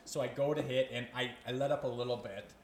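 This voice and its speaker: A man's voice: medium pitch, steady tone, fast, reverberant, slight background noise. A man in his thirties from Canada, a former hockey player who is the guest on a podcast, telling stories in casual chat, cursing often and laughing through them. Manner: laid-back, swears a lot, laughs through his stories.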